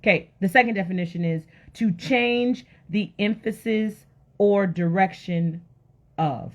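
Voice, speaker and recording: Speaking to women about faith, a woman with a mid-range voice takes her time, driving points home by repeating words and talking straight to listeners in a conversational, emphatic way. The recording's highs are cut off.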